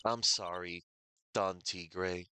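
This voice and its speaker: A man playing a dry, deadpan young lawyer. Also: slow, a little hiss or hum, exaggerated voice. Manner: low, flat, dry delivery.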